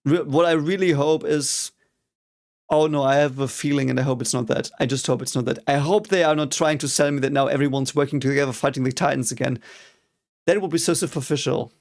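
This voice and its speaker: A man's voice: mid-range voice, steady tone, fairly quick, vocal fry, a little mellow. A young German man with a German accent, reacting to an anime episode in casual commentary, frustrated and swearing often. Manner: frustrated, swears a lot, mock-cheering outbursts. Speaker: reaction video host.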